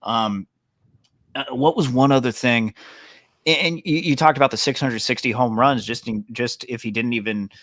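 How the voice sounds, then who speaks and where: A man's voice: mid-range voice, normal speed, a bit bright, no echo, studio quality. A man co-hosting a sports podcast, talking casually with many fillers and restarts. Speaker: podcast co-host.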